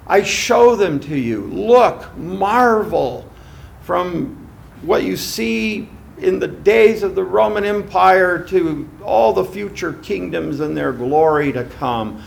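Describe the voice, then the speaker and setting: A scheming, mocking male devil, as a preacher puts him on, swinging wildly in pitch and swelling loud. The voice has a gravelly, fried edge and the sly lure of a tempter in a sermon. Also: expressive, takes it slowly, slight background noise, exaggerated voice. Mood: grandiose.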